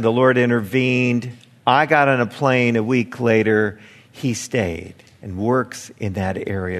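Man telling a story in a reverberant hall. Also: medium pitch. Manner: conversational, animated retelling with quoted dialogue and wry humor. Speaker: missionary. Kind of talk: spoken testimony storytelling.

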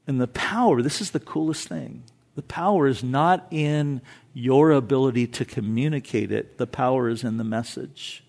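A male pastor preaching a sermon, moving from calm, conversational asides with easy laughs to loud, fervent peaks. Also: medium pitch, normal speed, gravelly.

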